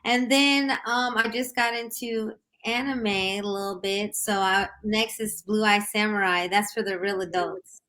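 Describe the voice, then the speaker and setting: A woman's voice: mid-range voice, fairly even intonation, a little slow, fairly bright tone. A woman guest in a casual panel chat, talking playfully and laughing easily.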